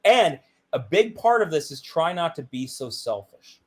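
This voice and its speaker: Lively, animated man telling stories. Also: normal speed. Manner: animated, acts out quoted dialogue with big pitch jumps. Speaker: guest. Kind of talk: candid interview storytelling.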